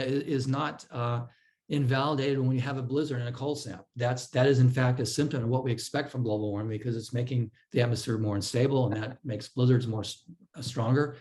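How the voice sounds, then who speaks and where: Man, lecture presenter, explains step by step, mid-pitched, stumbles and restarts as he goes. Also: darkish tone, poor audio. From California. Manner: explanatory, with frequent fillers and restarts. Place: club meeting room.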